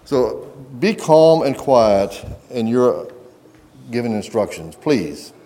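A middle-aged pastor delivers an earnest sermon in a mid-range, sing-song voice with a dark tone and slow pace. He frequently starts his sentences over and reads passages aloud from a book.

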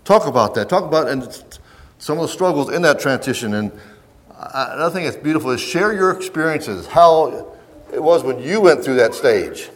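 A man's voice: a little high, lively intonation, normal speed. A middle-aged man preaching a sermon in an earnest manner, often restarting his sentences and reading passages aloud from a book. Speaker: pastor.

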